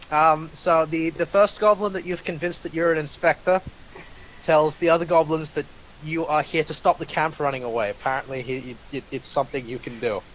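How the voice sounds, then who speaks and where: A man's voice: a little high, fairly even intonation, normal speed, fairly bright tone, a little hiss or hum, poor audio. A man running a tabletop game as game master, narrating with frequent uh's, repeated words and dry, self-mocking asides.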